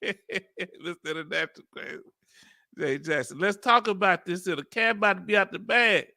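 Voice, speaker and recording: Host for a reaction video: a Southern man with a high, bright voice, loose and playful, laughing a lot, recorded dry and close. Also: normal speed, vocal fry, dry recording. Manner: animated and playful, laughs often, loose slang. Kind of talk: casual live reaction commentary.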